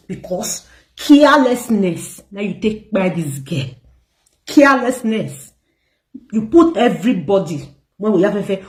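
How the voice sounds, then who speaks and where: A woman's voice: mid-range voice, a little mellow. A Nigerian woman vlogging to her viewers, telling a story in an emphatic, indignant way. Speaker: gossip vlogger. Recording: echoey room.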